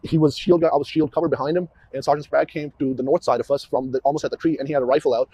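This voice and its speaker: Brief: male cop, archive interview, quick halting recall, lots of restarts, husky tone. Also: on the high side, steady tone, warm tone. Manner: halting, repeats words and restarts often. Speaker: police officer questioned about a shooting. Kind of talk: recorded interview walkthrough.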